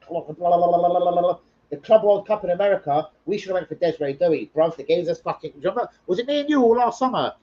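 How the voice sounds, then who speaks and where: On a casual football live stream, a male host reads viewer comments and rambles loosely, swearing a lot and bantering with his audience. His voice is a bit higher than the typical man's and slightly mellow. He talks into a streaming mic, and the sound is a little dull, as though the treble had been shaved off.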